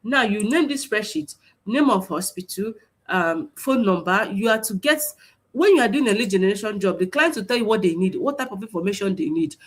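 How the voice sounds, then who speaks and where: Lady teaching online, husky voice, lots of um and restarts. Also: mid-range voice, expressive, a little fast. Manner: repetitive, stop-start explaining with many fillers. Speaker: online class instructor. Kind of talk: screen-share tutorial teaching. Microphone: computer mic on a video stream.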